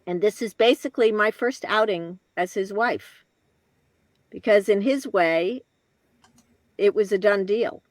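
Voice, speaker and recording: A woman in her later years, a guest telling a personal story in an interview, reflective and halting, with restarts and soft laughs. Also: mid-range voice, dry recording.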